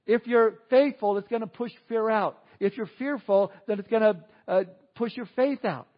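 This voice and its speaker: A man preaching an Easter sermon, telling stories with lively swings and quiet emphasis. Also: high voice, normal speed. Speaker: pastor. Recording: dull lo-fi audio.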